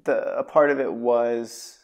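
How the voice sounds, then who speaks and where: A man's voice: medium pitch, steady tone, slow, darkish tone. A man hosting a podcast interview in casual, jokey chat, recorded in a studio space. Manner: chatty, jokey, self-deprecating. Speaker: podcast host.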